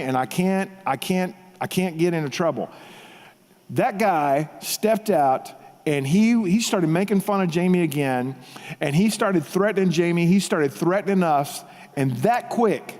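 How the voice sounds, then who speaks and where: A man gives an emphatic, animated tribute in a large hall, repeating himself and shouting out quoted lines. His voice sits a bit high for a man. A long reverb trails after every phrase. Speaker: pastor giving a tribute speech. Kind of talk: heartfelt storytelling speech.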